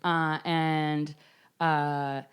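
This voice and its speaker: Young comedian woman, low voice, candid casual storyteller. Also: level tone, extremely slow, smooth. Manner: candid, laughing, loose storytelling. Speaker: podcast guest, comedian.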